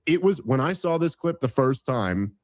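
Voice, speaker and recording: A man's voice: medium pitch, expressive, moderate pace, dry recording. A man ranting in casual political chat, swearing and restarting his sentences often. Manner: ranting, profane, rambling with many restarts.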